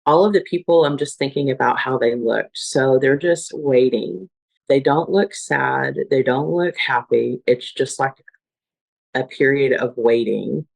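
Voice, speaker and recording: A woman's voice: a bass voice, creaky, low-quality recording. A woman, a mother, earnestly recounting her near-death experience, searching for words as she recalls it. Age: adult with children. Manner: earnest, searching, restarts and fillers while recalling. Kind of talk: emotional personal testimony.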